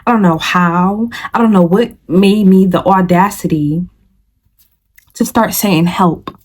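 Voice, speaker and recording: Animated young woman telling a storytime. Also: mid-range voice, unhurried. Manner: animated and slangy, addresses viewers as "you guys" and "y'all". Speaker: vlogger. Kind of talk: casual storytime.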